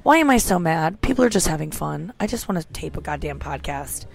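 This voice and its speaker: A woman's voice: deep voice, expressive, a little fast, vocal fry. A woman in her thirties with a sore throat, hosting a casual, candid solo podcast from an airport gate. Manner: chatty, candid and self-mocking, swears freely. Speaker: podcast host. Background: music playing faintly.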